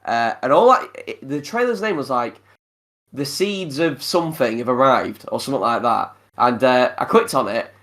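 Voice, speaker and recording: Hosting a laid-back podcast conversation, a man speaks at normal speed with lively intonation and a fairly bright, medium-pitched voice. His talk is loose and profane, full of fillers and restarts.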